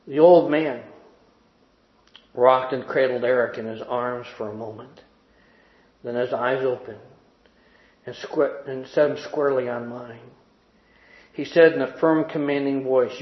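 A man preaching who reads a story aloud to his congregation in an earnest way, easing down softly at the tender parts. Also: medium pitch, steady tone. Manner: earnest, slowing and softening at tender moments. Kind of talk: reading a story aloud in a sermon. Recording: roomy, dull sound.

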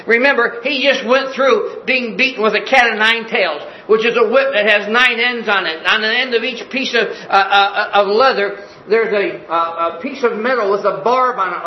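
A man's voice: sits high, normal speed, few pauses, echoey room, dull audio, slight background noise. A man in his sixties preaching a sermon, an earnest pastor who tells stories vividly. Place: church sanctuary.

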